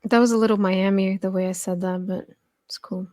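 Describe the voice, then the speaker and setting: A woman's voice: medium pitch, steady tone, a little fast, dark tone, no room sound, studio quality. A woman who works as a nurse, co-hosting a podcast in plain-spoken, casual chat.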